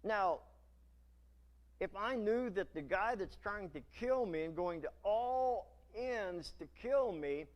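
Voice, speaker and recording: High-voiced preacher telling a story. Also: male voice, slow pace, muffled recording. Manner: dramatic storytelling, animated. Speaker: pastor. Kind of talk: sermon. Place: church.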